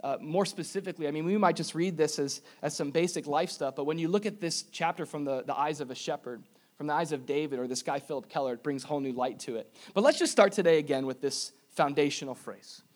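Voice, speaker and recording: Animated, higher-pitched man preaching a sermon. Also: fast talker. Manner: animated, jokey asides, emphatic repetitions. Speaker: pastor.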